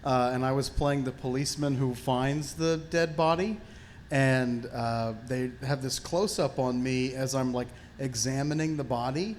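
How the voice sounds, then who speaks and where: Male actor-comedian, panelist, animated storyteller, middle pitch, faint background hiss. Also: unhurried. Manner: animated anecdotes with frequent fillers. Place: film festival panel.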